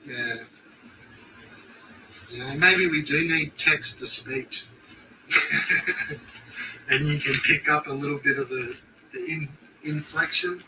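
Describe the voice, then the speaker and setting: A man's voice: a little high, takes it slowly, long pauses, sharp tone, far from the mic, slight background noise, rough recording. A young Australian man chatting casually on a stream, laid-back and swearing constantly in slang.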